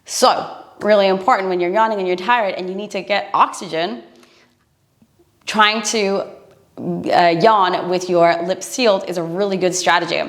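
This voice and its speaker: A woman's voice: medium pitch, fairly even intonation, normal speed. Encouraging woman breathing coach. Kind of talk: instructional talk to camera.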